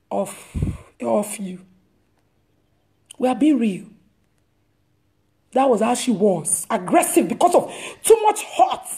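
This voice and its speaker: A woman's voice: high voice, darkish tone. A woman, a preacher telling an emphatic, repetitive testimony on a live stream. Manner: emphatic, repeats words, storytelling. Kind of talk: casual testimony talk. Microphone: live stream device mic.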